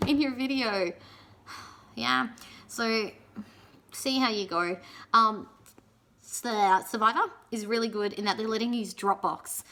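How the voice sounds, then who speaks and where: A young woman giving chatty, casual advice in a vlog, often checking in with "yeah?" and filling pauses with "um". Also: fairly high pitch, fairly bright tone. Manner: chatty, frequent "yeah?" tag questions and ums. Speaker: pole and aerial competition vlogger.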